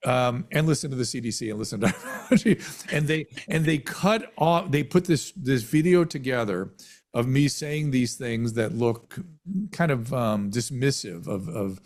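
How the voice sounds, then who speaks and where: A man around seventy, a physician, telling his story in an interview, halting with many restarts and self-corrections. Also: medium pitch. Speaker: physician guest.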